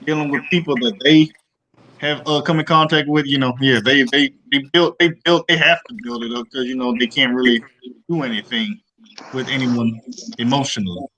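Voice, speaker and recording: A man co-hosting a casual online group chat, talking in a halting way, repeating words as he searches for them. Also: medium pitch, steady tone, sharp tone, slight background noise, low-quality recording.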